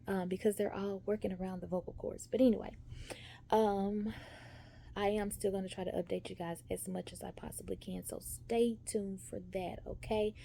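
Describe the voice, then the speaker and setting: With a fairly low, gravelly, mellow voice, a woman tells her viewers a story in a casual vlog update. She's chatty and keeps saying "y'all" and "okay," with slight background noise behind her.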